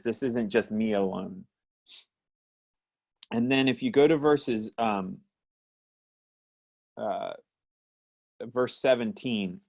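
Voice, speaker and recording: Man teaching a Bible class. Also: mid-range voice. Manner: reflective, reads scripture aloud then explains. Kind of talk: Bible study lesson over video call. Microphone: video call.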